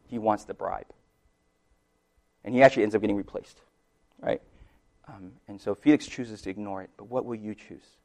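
In a casual sermon, a male pastor often checks in with "right?" and laughs while his delivery swings between soft and emphatic. His pitch is fairly low.

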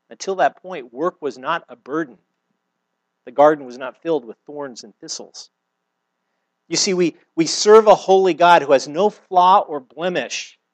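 A man's voice: fairly high pitch, no room sound. A middle-aged man preaching a sermon in an earnest, conversational way, with everyday examples and frequent restarts. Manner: repeats words when restarting. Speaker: pastor.

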